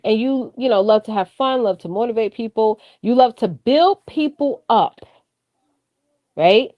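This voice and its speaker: A woman co-hosting a live stream, coaching viewers in a chatty, animated way, laughing often and talking straight to the chat. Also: a little high, unhurried, lo-fi sound. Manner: drifts off track, repeats key points for emphasis. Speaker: live-stream co-host on branding and AI.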